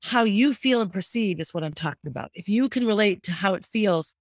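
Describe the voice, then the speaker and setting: A middle-aged woman speaks candidly and earnestly into the mic in a reflective podcast monologue. Her voice sits at an ordinary pitch for a woman, and the recording is dry with no room sound. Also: animated, fairly quick, no room sound. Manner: candid and earnest, speaking openly about grief. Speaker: podcast host.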